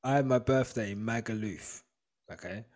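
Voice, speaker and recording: A British man co-hosting a podcast, chatting in an animated way and often breaking into laughter. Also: medium pitch, normal speed. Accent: British English. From Britain. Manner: animated, laughing, mimics voices. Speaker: podcast co-host. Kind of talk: casual chat.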